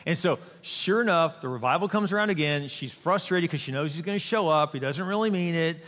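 A man's voice: on the high side, lively intonation, fairly quick, a bit bright, long reverb tail. A male pastor preaching a sermon in a church, conversational and humorous, often asking the congregation questions. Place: church sanctuary.

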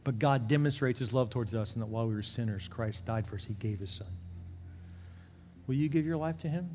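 A man preaching as a pastor, leading an altar call and prayer, swinging from emphatic peaks down to hushed, quiet pleading. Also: mid-range voice, a little fast, a little hiss or hum. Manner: impassioned, rises to emphatic peaks then drops to hushed prayer. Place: large church sanctuary. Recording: long reverb of a big hall, faint ambience.

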